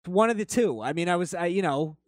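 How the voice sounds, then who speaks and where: A man's voice: high-pitched, animated, quick pace, dry recording, studio quality. A man hosting a podcast, reading chat comments and telling rambling stories in a blunt, profane, casual way. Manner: blunt, swears freely, rambling anecdotes.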